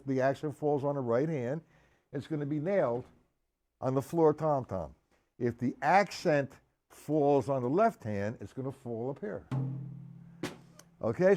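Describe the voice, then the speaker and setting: A medium-pitched, darkish male voice counts beats out loud and calls on students by name during a live-streamed drum lesson. He's in an indoor drum studio, heard through a live stream microphone, with drums playing behind him.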